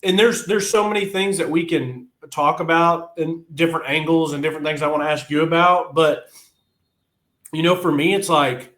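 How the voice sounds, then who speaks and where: A man's voice: fairly high pitch, moderate pace, fairly bright tone, echoey room. A man co-hosting a podcast in casual sports chat, blunt and frustrated, laughing often. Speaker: podcast co-host.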